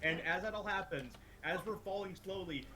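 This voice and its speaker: A man's voice: sits high, normal speed, heavy background noise. A man playing a tabletop role-playing game, thinking aloud in a rambling way and swearing casually. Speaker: player.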